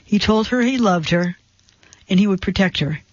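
A man reading a suspense story aloud in a measured, tense storytelling manner. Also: sits high, highs cut off. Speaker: narrator. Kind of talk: scripted narration of a suspense story.

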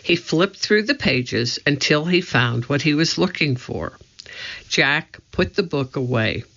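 A man reading a children's story aloud in a steady, scripted narration. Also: on the high side, unhurried. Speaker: audiobook narrator. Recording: slightly dull lo-fi audio.

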